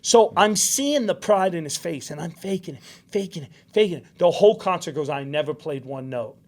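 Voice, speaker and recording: Animated, higher-voiced male podcast host. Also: a little fast. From New York. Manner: animated storyteller, acts out quotes. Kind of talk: casual storytelling chat.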